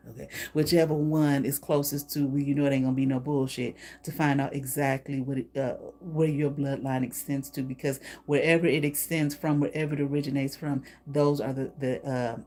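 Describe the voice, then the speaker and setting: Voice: medium pitch, a little mellow. A tarot reader giving a casual, spoken reading, emphatic and blunt, tagging lines with a repeated "okay?" and swearing freely.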